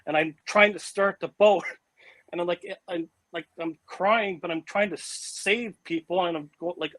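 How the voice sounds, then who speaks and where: Animated man telling a story, slightly high. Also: a little slow, no room sound, low-quality recording. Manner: animated and vivid, with frequent "like" and "you know" fillers and restarts. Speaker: interview guest recounting an encounter. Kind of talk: casual spoken storytelling.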